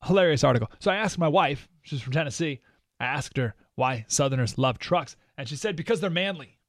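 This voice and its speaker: A man hosting a talk radio show, delivering an opinionated monologue in an animated, sarcastic way with mocking asides. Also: mid-range voice, fairly quick, no room sound, clean studio sound.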